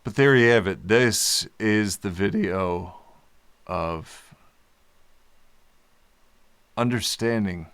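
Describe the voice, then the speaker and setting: A man talking candidly in a personal video diary, in slow, halting speech broken by long pauses and sighs. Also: fairly low pitch, fairly bright tone, clear, resonant tone. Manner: candid, informal, occasional cursing. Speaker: vlogger.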